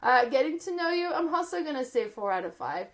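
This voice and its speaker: A chatty woman talks through a card game review in a casual, rambling way. Her voice sits a little high, and she laughs easily as she fills gaps with small fillers. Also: very animated, a little fast.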